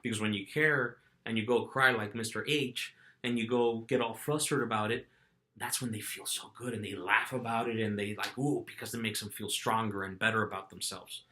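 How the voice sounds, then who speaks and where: A man's voice: fairly low pitch, fairly even intonation, fairly quick, pushed and bright. A middle-aged man vlogging, telling a story casually and animatedly, acting out quotes and restarting his phrases.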